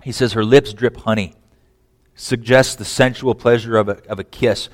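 A man preaching a sermon in animated style, often repeating words and asking the listeners questions. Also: mid-range voice, normal speed. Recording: long hall reverb.

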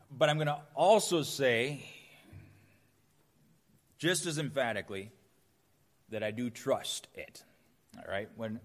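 A man at mid pitch reads scripture aloud and preaches as a pastor. His delivery is relaxed and conversational, and he often laughs at himself. He speaks from a church sanctuary. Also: no echo. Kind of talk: scripture reading and sermon.

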